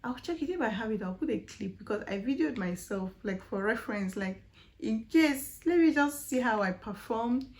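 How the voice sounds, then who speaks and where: A woman's voice: on the high side, expressive, moderate pace, darkish tone. A young woman with a Nigerian accent, chatting animatedly in a casual storytelling vlog, full of fillers and rhetorical questions. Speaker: vlogger.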